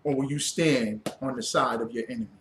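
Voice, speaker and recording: A man preaching a fiery sermon as a religious teacher, blunt and profane, rising to shouts. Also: medium pitch, fairly quick, background noise. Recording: roomy echo.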